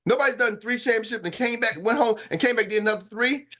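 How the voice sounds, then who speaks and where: A man hosting a morning sales-training call as coach, talking in an animated, hyped and slangy way with quick asides. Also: very high voice. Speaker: sales coach and show host. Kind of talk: energetic motivational team talk.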